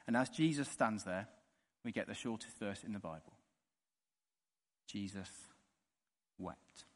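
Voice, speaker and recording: A man preaching a sermon in an earnest way, dropping soft and slow on the key words. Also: lowish voice, lively intonation. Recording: long reverb of a large hall.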